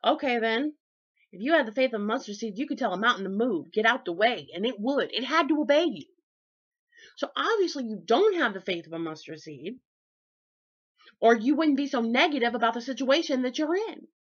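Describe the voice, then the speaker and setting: A woman's voice: brisk, breathy edge. Folksy, preachy woman vlogging on faith. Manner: lively, folksy and preachy, with big swings in pitch and loudness. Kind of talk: casual faith vlog, sermon-like. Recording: dull lo-fi recording.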